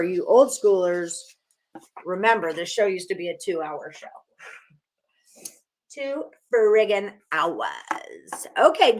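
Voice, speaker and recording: Chatty woman hosting a betting stream. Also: medium pitch. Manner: chatty, reads out viewer picks while writing on a whiteboard; breezy and a bit profane. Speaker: sports betting show host. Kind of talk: casual live-stream chat.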